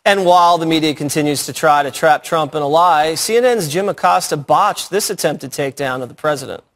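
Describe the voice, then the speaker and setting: A man's voice: on the high side, brisk, fairly bright tone. A man hosting a cable news panel, reading quotes and joking with wry chuckles. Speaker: panel show host.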